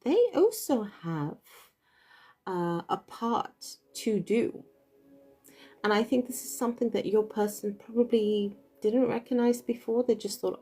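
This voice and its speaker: A woman's voice: mid-range voice, measured pace, mellow, breathy edge. Giggly woman doing a card reading. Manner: chatty, giggles often. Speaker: tarot reader. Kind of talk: casual card reading to viewers.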